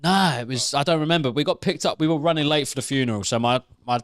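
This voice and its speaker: A man's voice: fairly high pitch, fast talker, a bit bright, no echo, clean studio sound. A young man co-hosting a comedy debate podcast, telling rambling stories with plenty of swearing and laughter. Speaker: co-host. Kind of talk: casual comedy debate chat, anecdotes.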